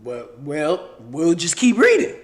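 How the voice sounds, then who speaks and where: A man with a slightly raised voice leads a casual scripture study. He speaks bluntly and coarsely between verses. When he reads the verses aloud, he slows right down. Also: on the high side, wildly swooping pitch. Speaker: scripture teacher.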